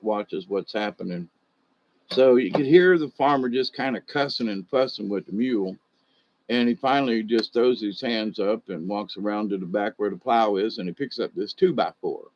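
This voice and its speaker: A man's voice: on the low side, normal speed, lo-fi sound. A man, telling folksy stories and rambling with chuckles. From Georgia, US. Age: 60s. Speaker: monologue host.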